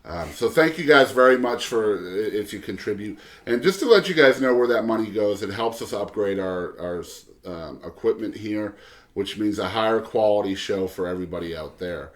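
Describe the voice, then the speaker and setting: A man's voice: lowish voice, expressive, moderate pace. A man hosting his own music podcast, reading casual show announcements in a loose, joking way with lots of um fillers. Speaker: podcast host.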